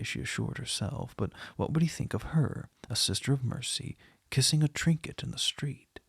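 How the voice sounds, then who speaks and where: A man with a husky, gravelly voice reading a short story aloud in a measured, unhurried way. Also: mid-range voice, no echo, studio quality. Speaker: reader.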